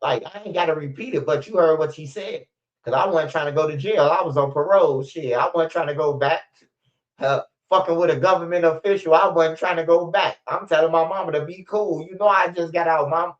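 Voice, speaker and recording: A man's voice: fairly high pitch, fairly quick. A middle-aged man with a Chicago accent, telling stories in a rambling, profane street-talk monologue. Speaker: storyteller. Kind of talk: casual storytelling monologue. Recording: slightly muffled lo-fi recording.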